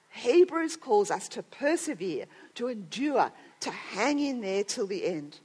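A middle-aged woman preaching to a gathering of women. She speaks in a fairly high voice. Her storytelling is earnest and builds toward strong emphasis. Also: big pitch swings, measured pace, hardly any pauses, a little mellow, breathy edge. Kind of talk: sermon.

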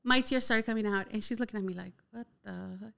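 Young woman guest, smooth clear voice, chatty storyteller who leans on "like" constantly. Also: mid-range voice, a little fast. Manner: chatty, heavy use of "like" filler, animated retelling. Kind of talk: casual personal storytelling.

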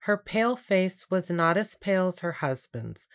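A woman reads a storybook aloud in a calm, unhurried way. Her voice sits a little low and stays even from line to line. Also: smooth. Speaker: audiobook narrator. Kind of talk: scripted storybook narration.

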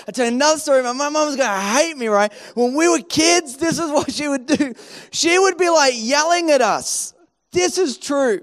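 A man preaching a sermon in a lively, animated way, acting out everyday voices as he tells stories. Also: very high voice. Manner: animated, acts out quoted voices. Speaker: pastor.

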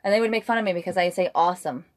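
An American woman chatting casually, telling stories with lively acted-out quotes and frequent laughter. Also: medium pitch, rapid-fire. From United States. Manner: animated storytelling, acts out quotes, laughs often. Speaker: podcast co-host, wife. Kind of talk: casual chat.

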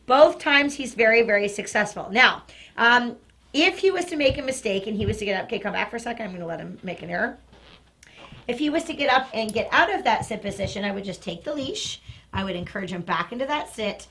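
Bright-voiced woman demonstrating dog training. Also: mid-range voice. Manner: explains step by step, breaks off to praise the dog. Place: outdoors near a train station.

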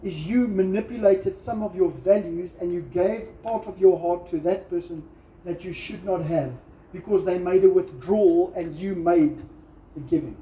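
With real emphasis, this pastor delivers his sermon and performs little quotes and prayers as he goes. He has a high, dark-toned voice, and the echoey room sounds a bit dull, with slight background noise.

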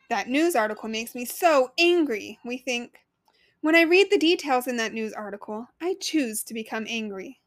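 A woman's voice: on the high side, fairly bright tone, no room sound. Earnest woman coach, dry close sound. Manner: earnest, conversational, asks the listener questions. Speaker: podcast host and life coach. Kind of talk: solo podcast talk.

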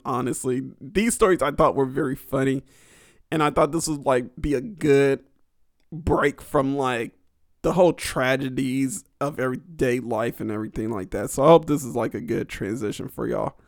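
A man's voice: medium pitch, no room sound, studio quality. A young man hosting a podcast alone, rambling crudely with lots of fillers and frequent laughter. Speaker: podcast host. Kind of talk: casual solo podcast storytelling.

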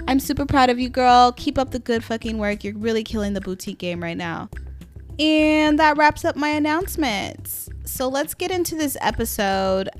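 A young woman hosting a casual podcast, raspy and getting over a cold, chatty and casually swearing as she talks to her listeners. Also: fairly high pitch. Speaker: podcast host.

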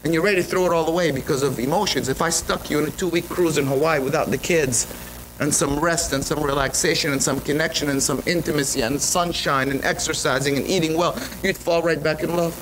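Man, pastor, sermon, high voice, bright tone, animated storytelling. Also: fairly quick, slight background noise, low-quality recording. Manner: animated storytelling with repeated restarts. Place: church sanctuary.

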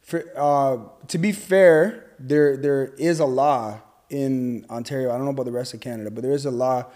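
A man's voice: mid-range voice, normal speed, a little mellow. A man in his thirties co-hosting a casual chat, jumping in with jokes and side comments. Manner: jokey, eager interjections. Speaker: podcast co-host.

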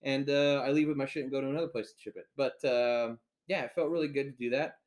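A man's voice: mid-range voice, steady tone, quick pace. A man hosting a podcast, telling a story in a heated, profane rant. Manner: heated, swears constantly, storytelling. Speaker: podcast host. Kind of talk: profane ranting monologue.

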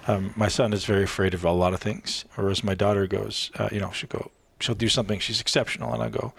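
A man's voice: lowish voice, fairly even intonation, fast, creaky, a bit bright, husky. A man from Canada, a podcast guest, talking casually and swearing freely as he acts out quoted voices.

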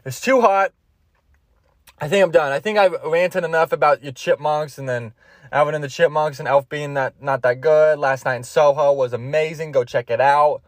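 A man's voice: on the high side, fairly even intonation, normal speed, no echo, clean studio sound. A man hosting a solo podcast, rambling in a crude, jokey way. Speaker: podcast host.

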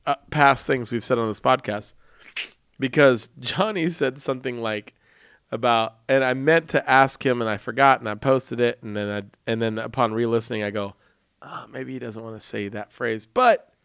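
A young man hosting a podcast, talking in a rambling, jokey, animated way. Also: medium pitch, normal speed, gravelly, clean tone, no echo, clean studio sound. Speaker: podcast host. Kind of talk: casual chat.

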